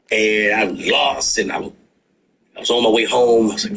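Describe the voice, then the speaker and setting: A middle-aged man telling stories in a casual podcast chat, animated and profane, acting out his own past words. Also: medium pitch, a little fast, slight background noise. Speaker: guest storyteller.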